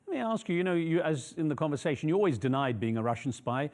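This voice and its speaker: Fast-talking male news interviewer. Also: fairly high pitch, lively intonation, a little mellow. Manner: measured, probing questions with fillers.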